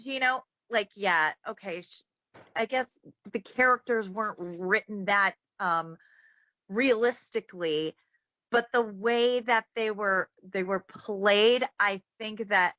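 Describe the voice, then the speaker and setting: A woman guesting on a podcast talks about a film in a casual discussion, earnest and meandering with many fillers. Her medium-pitched voice sounds pushed and bright, and the audio is dull with no echo.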